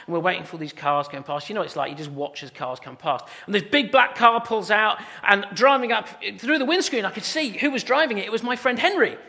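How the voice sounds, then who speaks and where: A man preaches a sermon, loud and full of jokes. His voice sits high and sounds bright and forceful. It rings out with a long reverb from the hall. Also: fairly quick, vocal fry, hardly any pauses. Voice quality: loud, jokey and animated. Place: church hall with a live congregation.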